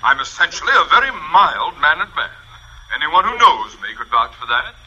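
A man's voice: a little high, big pitch swings, normal speed, bright, forceful tone, a little hiss or hum. A man playing a pompous, blustering school principal in 1950s radio comedy acting. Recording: dull old radio recording.

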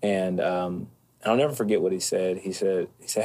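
A man speaking as an interview guest, calm and thoughtful, with occasional soft hesitations. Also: deep voice, normal speed. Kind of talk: reflective conversation.

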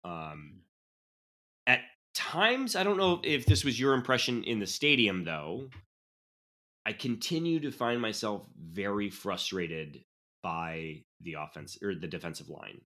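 Animated man breaking down game stats. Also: lowish voice, unhurried. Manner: animated, stat-heavy, blunt. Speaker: podcast co-host. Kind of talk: casual sports chat.

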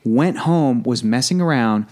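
A man hosting a podcast in casual chat, animated and slipping into quick movie-quote impressions. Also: medium pitch. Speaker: podcast host.

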